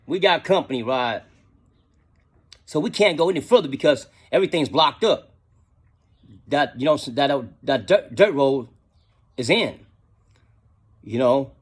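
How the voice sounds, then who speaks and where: A man's voice: medium pitch, expressive, a little slow, pauses often, breathy edge. A middle-aged man telling a casual story in slangy talk, often adding "you know what I'm saying".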